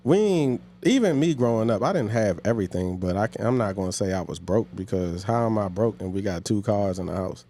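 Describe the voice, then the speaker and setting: Mellow low-voiced man, laid-back. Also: fairly quick, hardly any pauses, slight background noise. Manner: laid-back, slangy interjections. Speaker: podcast host. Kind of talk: casual podcast conversation.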